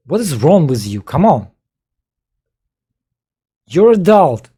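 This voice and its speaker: Russian-accented man, native Russian speaker, exasperated commentator; slow, dark delivery, broken English. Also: a little high, very animated, husky. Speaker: political commentator. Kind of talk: reaction commentary on a played video.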